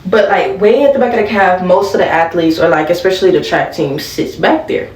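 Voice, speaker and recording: A woman's voice: fairly low pitch, fairly quick, a little mellow, echoey room, distant mic, low-quality recording. A young woman vlogger chatting casually through a storytime while doing her makeup, laughing and talking to viewers as y'all. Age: young adult.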